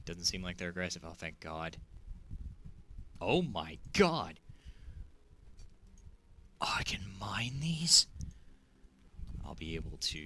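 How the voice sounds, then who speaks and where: Excitable man with a low, sharp voice. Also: slight background noise. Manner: excitable, exclaiming and joking at the game. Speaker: gaming video creator. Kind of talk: gameplay commentary.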